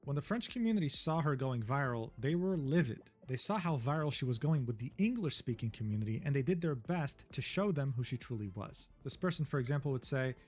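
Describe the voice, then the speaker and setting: A man's voice: mid-range voice, lively intonation, brisk, few pauses, a little mellow. A man narrating a video essay in scripted commentary, with a sarcastic, mocking tone.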